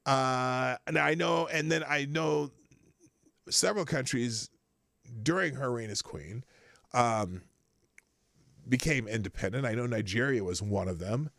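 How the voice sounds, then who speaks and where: A man's voice: mid-range voice, measured pace, creaky, pauses often, a bit bright, dry recording, studio quality. A man hosting a live show, chatting casually and rambling with many fillers and restarts as he responds to viewers' super chats. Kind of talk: casual live-stream commentary.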